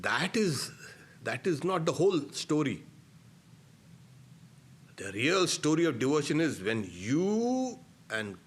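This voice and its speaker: A middle-aged man, a swami giving a spiritual discourse, emphatic and given to soft laughs at his own points. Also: medium pitch, a little hiss or hum.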